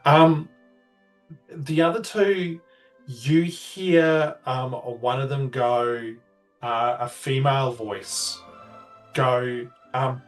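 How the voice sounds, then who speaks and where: A man's voice: mid-range voice, steady tone, slow, far from the mic, faint music behind. A man narrating as game master, loose and full of fillers.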